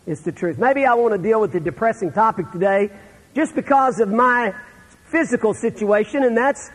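A middle-aged man preaching a sermon, telling stories and dropping to a hush for the sad parts. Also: high voice, moderate pace, husky, in a large hall, rough recording. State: terminal illness, on breathing treatments. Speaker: pastor.

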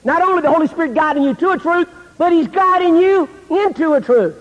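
A man's voice: very high voice, lively intonation, brisk, lo-fi sound. A man preaching a sermon, with dramatic shifts that drop almost to a whisper when acting out the people he quotes. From American South. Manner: dramatic, acts out quoted voices, drops to near-whisper. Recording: long reverb of a hall.

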